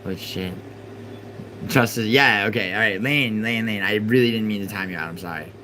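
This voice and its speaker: A man's voice: on the low side, moderate pace, noisy background. Exasperated man arguing on a livestream. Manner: argumentative, swings from exasperated shouting to muttering. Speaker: livestream host. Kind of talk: live stream chat with viewers.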